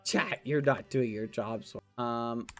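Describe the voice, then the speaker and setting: A man's voice: medium pitch, slow. Cheerful male streamer with minced oaths. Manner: cheerful and gushing, minced oaths instead of swearing. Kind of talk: casual live-stream chat, reading fan messages aloud.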